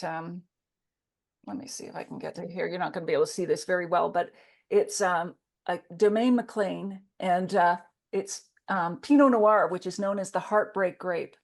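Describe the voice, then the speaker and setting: A woman speaker chatting on a video call, playful and self-deprecating, with many fillers. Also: lowish voice. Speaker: keynote speaker. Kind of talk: casual conversation on a video call.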